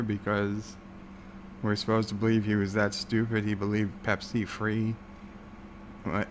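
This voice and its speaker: A man drifts slowly through a casual livestream chat, his voice gravelly and unhurried. He rambles with sarcastic asides and lots of filler words. A faint air conditioning hum sits behind him. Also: lowish voice. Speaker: livestream host.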